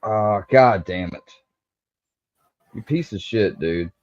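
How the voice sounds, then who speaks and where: Deep-voiced angry, swearing man hosting a stream. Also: takes it slowly, darkish tone, no echo. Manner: angry, profane, confrontational. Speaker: livestream host. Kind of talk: heated livestream rant. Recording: dull lo-fi stream audio.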